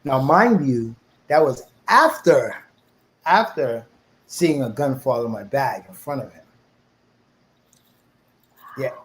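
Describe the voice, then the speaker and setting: This low-quality recording captures a middle-aged man from New York, USA, speaking slowly at a medium pitch and pausing often. As an interview guest recounting his life, he brings quoted people to life by performing their voices with animation.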